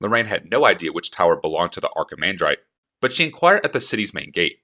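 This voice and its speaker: A man reading an audiobook with expressive, animated storytelling. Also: deep voice, quick pace. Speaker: narrator.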